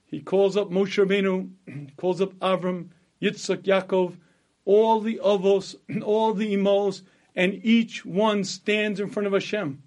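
A high-pitched man delivers a sermon as a dramatic story. He acts out the quoted speech with passion and often pauses to clear his throat. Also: steady tone, a little mellow. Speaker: rabbi giving a Torah lecture.

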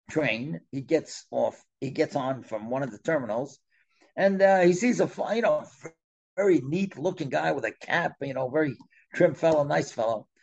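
Gravelly middle-aged man telling a story. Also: on the high side, dull audio. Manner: animated storyteller with sudden soft drops. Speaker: storyteller guest. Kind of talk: conversational storytelling.

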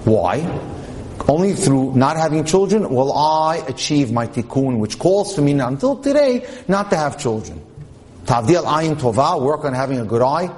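A man's voice: fairly high pitch, sing-song, normal speed, a little mellow. A man giving an inspirational religious talk, telling stories and translating Hebrew quotes into English as he goes. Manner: mixes Hebrew terms into English speech. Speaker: religious lecturer.

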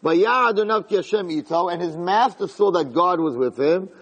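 Animated man teaching Torah in a hall. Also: moderate pace. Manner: animated, acts out quotes with big pitch jumps. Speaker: Torah lecturer. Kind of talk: Torah class. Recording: long hall reverb.

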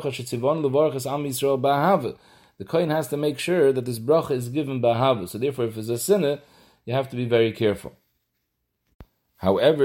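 A man's voice: mid-range voice, darkish tone. A man giving a halachic lesson, explaining step by step. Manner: explanatory, mixes Hebrew and Yiddish terms into English. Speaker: Torah teacher.

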